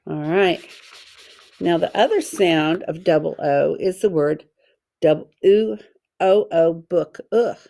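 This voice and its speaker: A woman teacher giving a slow, careful phonics lesson for children, sounding out letters and syllables one by one. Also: fairly low pitch, lively intonation, vocal fry, dark tone.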